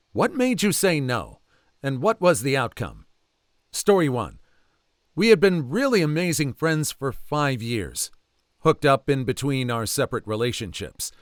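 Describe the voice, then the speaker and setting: A man reading online stories aloud with lively storytelling. His pitch swings widely as he speaks. The sound is dry, with no room echo. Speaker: narrator.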